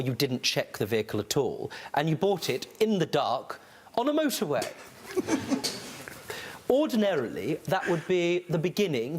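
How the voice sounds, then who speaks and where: A man presiding as a TV courtroom judge, speaking in playful, mocking banter and laughing often. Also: on the high side.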